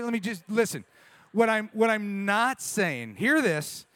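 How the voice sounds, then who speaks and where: A middle-aged man preaching a sermon, telling personal stories in an animated, self-mocking way. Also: on the high side, clear, resonant tone. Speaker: pastor.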